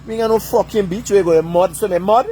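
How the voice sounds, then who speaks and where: A man's voice: high-pitched, quick pace, mellow, a little hiss or hum. A man delivering a heated, profane rant, swearing constantly and asking "you understand?" over and over. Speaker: vlogger.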